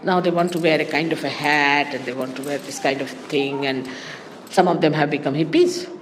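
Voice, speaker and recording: A woman giving a spiritual talk to her followers in an animated, teasing way, often laughing. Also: low-pitched, moderate pace, long reverb tail, a little hiss or hum. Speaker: spiritual teacher.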